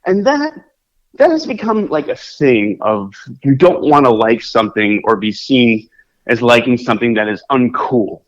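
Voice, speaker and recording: A man co-hosting a podcast in casual chat, rambling and animated, with many fillers and restarts. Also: medium pitch, moderate pace. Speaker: podcast co-host. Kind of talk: casual chat about films. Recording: dull lo-fi podcast audio.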